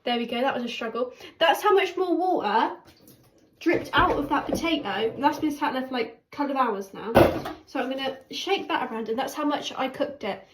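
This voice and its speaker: A woman's voice: high-pitched, fairly quick. A woman chatting casually while she cooks, rambling and poking fun at herself. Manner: chatty, rambling, self-mocking. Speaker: cooking vlogger. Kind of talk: casual cooking chat. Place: home kitchen. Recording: echoey kitchen with background noise.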